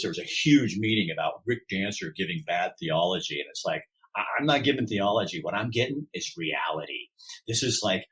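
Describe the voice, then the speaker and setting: Animated man telling his story. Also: low-quality recording. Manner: animated, acts out quoted voices, pitch swings widely. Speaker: podcast guest. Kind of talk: candid interview talk.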